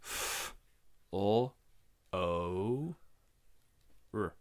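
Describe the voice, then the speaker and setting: A woman voicing a student who answers spelling drills with slow, dutiful, letter-by-letter replies. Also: extremely low pitch, animated, voice pushed down, exaggerated voice.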